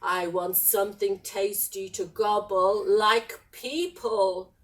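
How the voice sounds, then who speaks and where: A greedy storybook dragon growls and drags out his words, as a woman puts him on for a children's reading. The voice drops low and is caught from a distance by a camera mic. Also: fairly even intonation, takes it slowly, fairly bright tone. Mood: menacing. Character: greedy hungry male dragon.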